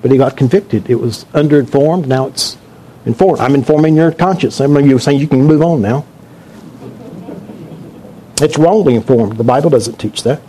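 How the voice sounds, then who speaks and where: A man's voice: medium pitch, moderate pace, long pauses, mellow, a little hiss or hum. A man preaching a sermon to his congregation in a church, talking in a conversational, joking way and asking the room questions. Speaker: pastor.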